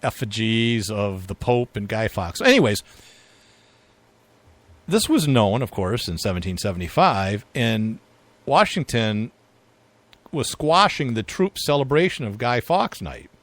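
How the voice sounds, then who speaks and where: A man's voice: fairly low pitch, very animated, measured pace, no echo. A man co-hosting a casual political chat show, rambling with fillers and frequent asides. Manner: rambling, chuckling, filler-heavy. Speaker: podcast co-host.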